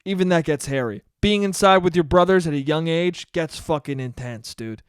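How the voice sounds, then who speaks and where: A man's voice: a little high, moderate pace, smooth, no echo, studio quality. A young man hosting a solo podcast, telling a rambling, profane, self-mocking story. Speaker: podcast host. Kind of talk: casual solo podcast monologue.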